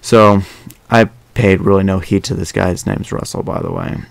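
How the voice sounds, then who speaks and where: A man's voice: low voice, fairly even intonation, normal speed, creaky, no room sound. A young man hosting a casual podcast, rambling with lots of fillers and restarts. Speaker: podcast host.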